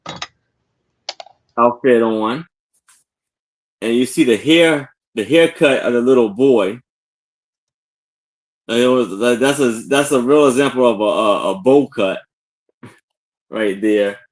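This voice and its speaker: Slow, halting man hosting a live sale. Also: mid-range voice. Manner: slow, halting descriptions with many fillers. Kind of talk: casual live sale chat.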